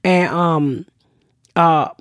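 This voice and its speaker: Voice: mid-range voice, extremely slow, no echo, studio quality. A podcast co-host telling a story in casual chat, swearing freely and acting out what other people said. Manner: profane, animated storyteller acting out quotes.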